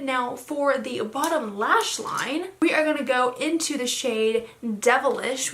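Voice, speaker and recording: Young woman beauty vlogger, slightly high and bright, chatty and rambling, a touch hoarse. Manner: chatty, rambling with many fillers. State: slightly hoarse, frog in her throat. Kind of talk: casual makeup tutorial chat.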